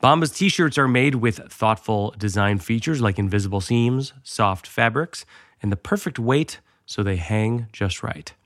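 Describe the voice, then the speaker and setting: A man's voice: lowish voice, expressive, a little slow, a bit bright, no room sound, studio quality. A man hosting a comedy podcast, talking loosely and jokingly, also reading ads in a casual way. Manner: loose, joking, riffs on his own radio voice. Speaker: podcast host.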